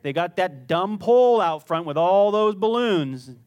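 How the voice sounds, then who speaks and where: A man's voice: high-pitched, lively intonation, measured pace, a little mellow, lo-fi sound. A middle-aged male pastor preaching a sermon in a conversational, joking storytelling manner that builds to emphatic peaks.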